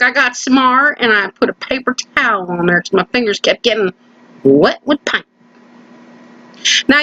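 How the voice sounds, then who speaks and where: At home, a woman narrates a casual crafting video for her craft channel, chatting playfully while she works and often slipping into a put-on folksy country voice. Her voice is a little high with a sharp tone, and the recording sounds muffled.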